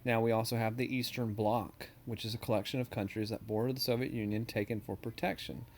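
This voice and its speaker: A man's voice: medium pitch, fairly even intonation, a little fast, slight background noise. A man history teacher giving a casual, joking recorded lecture over slides, with many ums and uhs.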